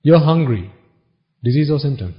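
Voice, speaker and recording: A man giving a Buddhist sermon, asking the audience questions and answering them himself, now and then reciting Pali phrases quickly. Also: fairly high pitch, lively intonation. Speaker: Buddhist preacher. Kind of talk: dharma talk sermon. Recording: dull lo-fi recording.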